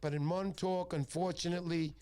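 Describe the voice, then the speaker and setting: Middle-aged New host with a higher voice, jokes his way through rambling stories on a fishing stream, faint music behind. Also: fairly even intonation, brisk, a little mellow, clear, resonant tone. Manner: joking, rambling storyteller. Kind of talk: casual livestream chat.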